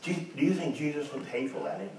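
A man's voice: medium pitch, sing-song, racing, a little mellow. A man preaching a sermon as pastor, earnest and emphatic, asking his congregation rhetorical questions and repeating his points. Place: church. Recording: echoey church, distant mic, faint noise.

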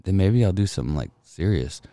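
A man telling stories in casual chat with friends, profane and animated, often quoting people in put-on voices. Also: low-pitched, fairly quick, no echo, studio quality.

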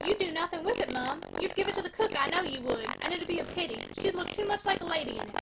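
A sly, humble country packman coaxes and pleads in a broad rustic dialect, swooping wildly up and down as he talks, as a woman reader puts him on. His voice is gravelly, over loud background noise, for a storybook reading. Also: very high-pitched, huge pitch swings, quick pace, pitched above the performer's own voice, heavily acted. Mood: wheedling.

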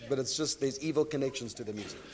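A man's voice: medium pitch, fast talker, darkish tone. A male pastor interviewing a guest in front of his congregation, coaxing him on and explaining things to the audience. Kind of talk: leading a church interview.

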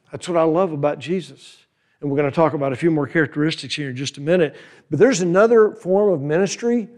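An older man preaching a sermon in a folksy, animated way, full of rhetorical questions to the crowd. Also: fairly high pitch. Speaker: conference speaker.

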